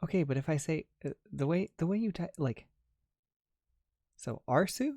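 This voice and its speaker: A young adult ASMR creator chats casually on a livestream and reads out viewers' messages. The voice swings widely in pitch, and the talk is full of restarts and "like" with frequent giggling. It sounds dry and close on a good mic. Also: lively intonation, normal speed, mellow, breathy edge, dry recording. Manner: chatty, lots of "like" and restarts, giggles often.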